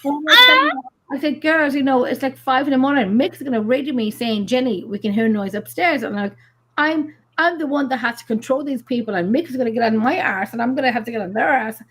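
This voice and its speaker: Animated husky woman telling ghost stories. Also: high-pitched, a little fast. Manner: animated, swearing, lots of fillers. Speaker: paranormal investigator. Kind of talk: casual storytelling on a live show.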